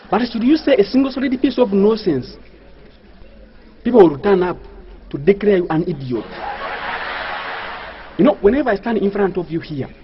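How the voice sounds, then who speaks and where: A man doing a stand-up comedy routine, with a mock-pompous manner and grand words, over audience laughter. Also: sits high. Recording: dull lo-fi live recording.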